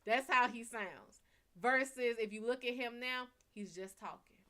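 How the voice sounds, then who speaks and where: A young woman with a Bayou accent, talking in a blunt, profane, animated way on a casual live stream. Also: unhurried. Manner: blunt, animated and profane, swinging from loud to low. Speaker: live stream reader and host.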